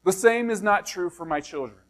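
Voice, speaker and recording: A middle-aged pastor from the United States delivers a sermon in a high voice. He preaches conversationally, explaining a passage and often asking his listeners rhetorical questions. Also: a little fast, fairly bright tone.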